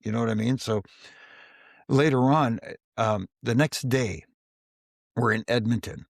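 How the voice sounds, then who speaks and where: A man's voice: mid-range voice, a little slow, creaky, dry recording, studio quality. A man, a former wrestling referee, telling casual backstage stories in an interview and acting out the dialogue. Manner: storyteller who acts out quoted dialogue in his tales. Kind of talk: casual anecdotal storytelling.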